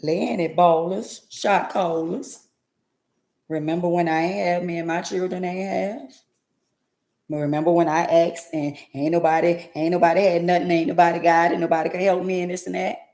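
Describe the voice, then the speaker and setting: Woman vlogger, lower voice, preachy and emphatic, echoey room. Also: steady tone, normal speed, a little mellow. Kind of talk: faith-based motivational monologue.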